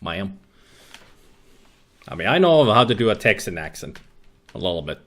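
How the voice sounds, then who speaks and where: Lively, jokey man commentating a retro game. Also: fairly low pitch, quick pace. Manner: dry, jokey, sarcastic asides. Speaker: let's play commentator. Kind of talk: game commentary reading text aloud.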